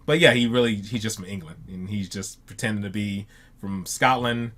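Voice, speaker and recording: A man with a fairly low voice chats casually to his viewers as a reaction host. He rambles, stumbles over repeated words and keeps saying "man". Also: normal speed, a bit bright.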